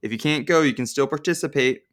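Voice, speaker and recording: A man's voice: medium pitch, fast talker, a bit bright. A man co-hosting a podcast in casual chat, telling stories loosely with lots of filler words. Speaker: podcast co-host.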